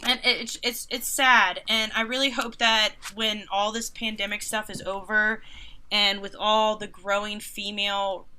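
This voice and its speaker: Speaking a little slowly in a smooth, mid-range voice, this woman in her thirties shares stories as a guest. She's a concert photographer with a sarcastic, lively, casual style who voices other people's lines and fills her speech with "like."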